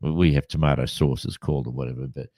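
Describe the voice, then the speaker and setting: Fast and rumbling low, an Australian podcast co-host from Western Australia chats casually. Animated and rambling, he keeps restarting his stories.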